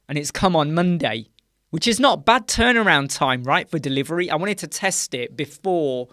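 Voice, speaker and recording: A British man from the UK hosts a casual live chat stream from a small dark room lined with sound panels, rambling through filler words and often closing points with "right?". His fairly high voice is sharp yet smooth, captured dry with clean studio sound.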